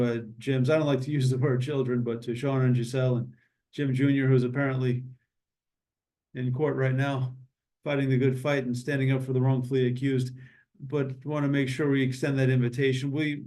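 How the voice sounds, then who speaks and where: A man hosting a memorial meeting over a video call, with an average pitch. His talk is loose and easygoing, with jokes and small detours as he invites others to speak. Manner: relaxed, joking, meandering. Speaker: meeting host. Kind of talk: casual memorial meeting chat.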